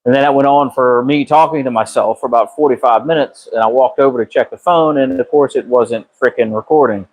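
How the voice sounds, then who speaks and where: Working on a transmission in his garage, a man streams on his phone, and the low-quality audio carries his brisk mid-range voice with hardly any pauses. His manner stays relaxed and drawling as he swears freely and greets viewers by name.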